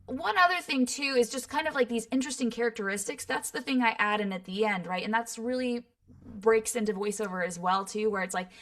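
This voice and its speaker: A woman's voice: on the high side, fairly quick, fairly bright tone. A woman voice actor from Los Angeles, talking casually in an interview and peppering her points with fillers and "right?". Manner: chatty, many fillers and "right?" tags. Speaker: guest voice actor.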